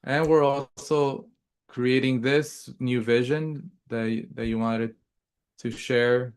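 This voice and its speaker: Man, earnest guest interpreter, gentle delivery, mid-pitched, plain tone. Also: steady tone, slow pace, clear, resonant tone. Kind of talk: casual interview talk, translating partner.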